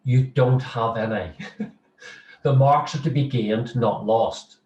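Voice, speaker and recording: A man's voice: medium pitch, slow, a little mellow, dull audio. Chatty, humorous male lecturer, roomy distant sound. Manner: chatty and humorous, with frequent restarts. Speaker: social work lecturer. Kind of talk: casual interview chat.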